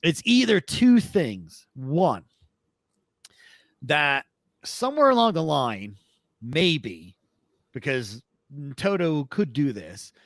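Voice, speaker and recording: A man co-hosting a podcast in casual chat, telling stories in an animated, profane way. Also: medium pitch, no room sound. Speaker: podcast co-host.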